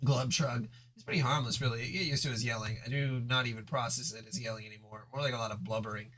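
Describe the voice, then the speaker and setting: A man's voice: mid-range voice, steady tone, fast, pushed and bright, natural voice, rough recording. A man voicing a bubbly, aristocratic fish-alien girl who says glub, in a playful, slightly pompous way, as he reads a webcomic aloud with voices. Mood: teasing.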